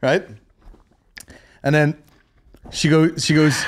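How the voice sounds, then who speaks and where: Man, podcast co-host, sweary laughing storyteller, mid-pitched voice. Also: expressive, a little fast, a little hiss or hum. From Northern Ireland. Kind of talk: casual chat.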